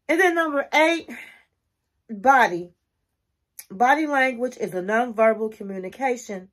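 Earnest woman coaching couples. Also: on the high side. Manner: earnest, coaching, numbered tips. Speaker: relationship advice vlogger. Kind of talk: casual advice talk to camera.

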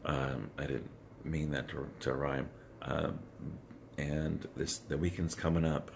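A man with an extremely deep voice and a heavy gravelly fry talks to his phone camera, held close to his face. It is early and his voice is scratchy before any tea or water. He speaks earnestly and haltingly, with many fillers and restarts, over faint background noise. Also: fairly even intonation. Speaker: vlogger. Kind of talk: rambling motivational vlog to camera.

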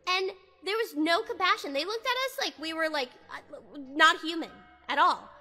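A woman's voice: extremely high pitch, moderate pace, sharp tone. A woman streamer chatting casually, swearing a lot as she rants heatedly. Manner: profane, heated ranting. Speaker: VTuber streamer.

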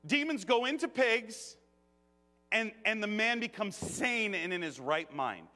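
A man preaching a conversational sermon in a church, joking, animated and laughing often. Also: high voice, unhurried. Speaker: guest preacher. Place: church sanctuary. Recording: long reverb of a church hall.

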